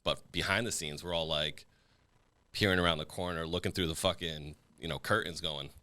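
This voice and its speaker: A man hosting a podcast, telling stories in a casual, animated way and swearing freely. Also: rumbling low, a little fast, dry recording. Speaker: podcast host. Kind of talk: casual storytelling chat.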